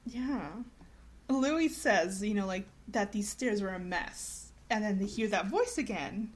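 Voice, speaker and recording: A woman's voice: medium pitch, expressive, a little slow. A woman co-hosting a podcast, retelling a cartoon in chatty talk full of "like". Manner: chatty, lots of filler "like". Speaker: podcast co-host. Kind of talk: casual podcast recap chat.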